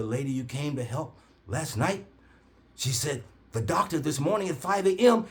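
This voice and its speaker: A man telling an animated story in a preacher-like cadence, acting out quoted voices with big jumps in pitch. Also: moderate pace. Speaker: herbal oil seller.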